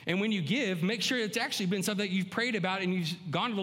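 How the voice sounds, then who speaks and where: A man's voice: high-pitched, fast talker, few pauses, fairly bright tone. A male pastor preaching a sermon in a conversational way, often acting out the inner voices of his listeners. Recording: long hall reverb.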